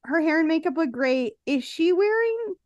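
A high-pitched woman talks in a loose, sarcastic podcast chat and keeps slipping into little acted-out quotes. Her voice sits close and dry, with no room sound around it. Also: lively intonation, normal speed, a little mellow, no room sound, dull audio. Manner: chatty, sarcastic, acts out quotes. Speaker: podcast co-host. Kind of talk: casual chat recapping a reality show.

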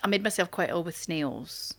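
A woman's voice: on the low side, normal speed. A middle-aged woman, a guest in a casual chat, telling stories with lots of laughter. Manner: animated storyteller, laughs often, acts out voices.

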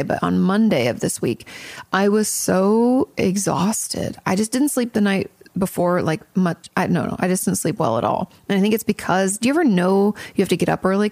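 A woman's voice: medium pitch, vocal fry, a little mellow, dry recording. A woman therapist hosting an advice podcast, talking in a chatty, frank way and swearing casually.

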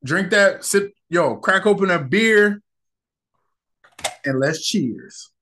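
A man's voice: high voice, animated, takes it slowly, pushed and bright, a little hiss or hum. A young man hosting a casual solo podcast, talking in a loose, slangy, rambling and candid way. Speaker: podcast host.

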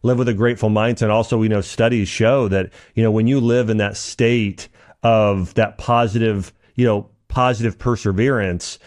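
A man hosting a podcast interview who speaks haltingly, with many restarts while he forms his thoughts. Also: lowish voice, fairly even intonation, a little mellow. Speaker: podcast host. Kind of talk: interview conversation.

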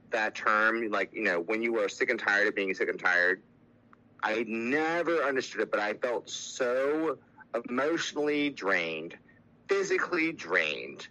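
A man's voice: medium pitch, lively intonation, pushed and bright, poor audio. Candid young man telling a hard story. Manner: candid, halting, with many fillers and restarts. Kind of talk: personal recovery story.

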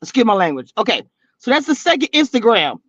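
A woman with a high, bright-pitched voice runs her live stream like a gossip session, teasing and cracking herself up. The sound is dull and lo-fi, with no room echo at all. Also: very animated, quick pace. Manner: sassy, teasing, laughs often, slangy. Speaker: reality TV blogger hosting a live stream. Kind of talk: casual live-stream chat reading comments. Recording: dull, lo-fi and dry.

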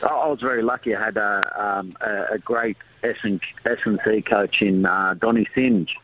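A man's voice: fairly low pitch, steady tone, normal speed, a bit bright, a little hiss or hum, poor audio. A man with an Australian accent, a boxing promoter and former rugby league player, answering questions in a laid-back, modest way over a radio line. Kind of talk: casual radio interview.

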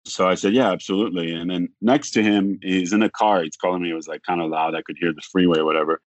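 A man talking as a podcast guest, telling a long story in a rambling way, acting out the other people's lines and filling pauses with "like". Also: deep voice, steady tone, dry recording, dull audio. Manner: rambling, acts out quoted dialogue, frequent "like". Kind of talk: casual storytelling.

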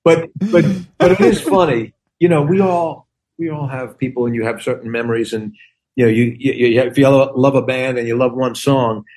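Telling stories in an easy, casual chat, a comedian and actor in his sixties acts out the quoted exchanges with animation. He has a mid-range voice and speaks at normal speed.

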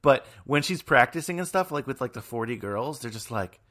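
A man's voice: mid-range voice, a little fast. A man co-hosting a podcast, chatting casually and ramblingly about a film. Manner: rambling, animated, lots of fillers. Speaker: podcast co-host.

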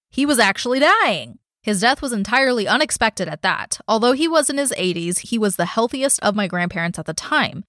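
A young woman co-hosts a casual podcast in a dry, close-miked sound. She reads listener stories aloud at a medium pitch and breaks in with blunt asides and swearing. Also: fairly bright tone, no room sound. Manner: blunt, swears freely, interrupts her own reading with reactions. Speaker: podcast co-host.

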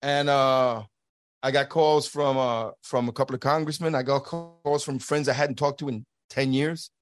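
Faint music plays behind a medium-pitched, steady male voice at a moderate pace. The speaker, a middle-aged guest who used to be a border agent, earnestly shares a personal story, dramatizing the dialogue he quotes and often restarting.

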